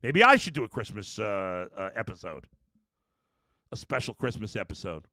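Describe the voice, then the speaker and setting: A man's voice: lowish voice, big pitch swings, normal speed, bright, forceful tone, no echo, studio quality. A man hosting a sports podcast after a game, ranting in an exasperated way and reading out chat comments. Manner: ranting, exasperated, with many restarts. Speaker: podcast host.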